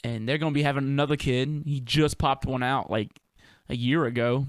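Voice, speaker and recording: A young man hosts a solo podcast, a rambling monologue in which he muses loosely and profanely, laid-back and full of slang and fillers; he's also a touring performer. His mid-range voice has fairly even intonation and a moderate pace, recorded dry at studio quality.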